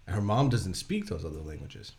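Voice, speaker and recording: A man's voice: sits low, a little fast. An American man telling family stories in a casual podcast chat, laughing as he talks. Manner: animated storyteller, laughs while telling. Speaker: podcast host.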